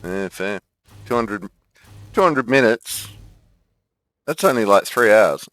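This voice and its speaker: A man's voice: lowish voice, animated, slow pace, a bit bright, no echo. A man streaming a game, chatting casually, thinking aloud and laughing often. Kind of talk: casual gameplay chat.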